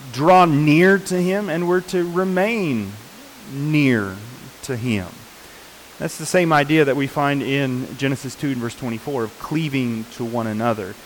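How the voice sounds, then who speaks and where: A man preaching a sermon in an unhurried, earnest way, often pausing with fillers and restarting his sentences. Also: a little high, a little hiss or hum, rough recording.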